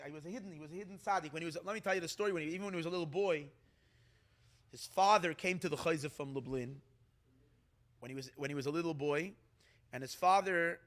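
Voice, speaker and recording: A rabbi tells stories to a gathering in a lively, halting way and often restarts his sentences. His voice is pitched high for a man. Its timbre is bright and forceful. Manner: animated, halting, with frequent restarts. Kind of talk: storytelling talk.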